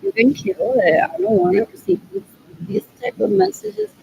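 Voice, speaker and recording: High raspy-fry lady vlogging, rambles on and on to herself. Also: big pitch swings, normal speed, dull audio, slight background noise. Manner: repetitive, muttering to herself. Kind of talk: rambling solo monologue.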